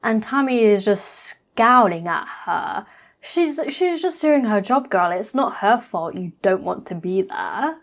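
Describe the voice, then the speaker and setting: A woman's voice: mid-range voice, lively intonation, measured pace. A woman reacting to a reality TV episode in a blunt, chatty way, swearing freely. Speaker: reaction vlogger.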